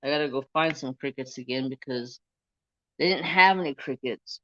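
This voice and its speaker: A man's voice: mid-range voice, moderate pace, bright, forceful tone, dry recording, dull audio. A man hosting a casual crafting live stream, rambling through a story and getting heated as he retells an argument.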